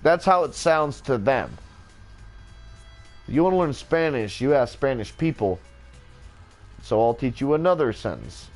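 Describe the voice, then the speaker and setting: A man's voice: mid-range voice, expressive, a little slow, pauses often, faint music behind. A man in a rambling, joking casual monologue, swearing freely as he goes.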